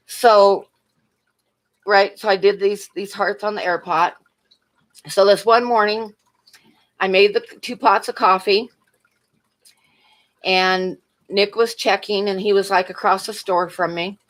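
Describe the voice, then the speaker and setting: A woman's voice: mid-range voice, a bit bright. Brief: woman livestreamer, casual chat, rambling anecdotes, frequent laughs, asides to chat. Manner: rambling storyteller, laughs often, talks to chat.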